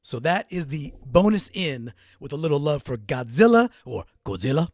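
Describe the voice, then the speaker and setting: A man's voice: fairly high pitch, very animated, moderate pace, darkish tone, no room sound, studio quality. A man hosting a solo sports recap podcast, talking in a casual, rambling way with restarts. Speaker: podcast host.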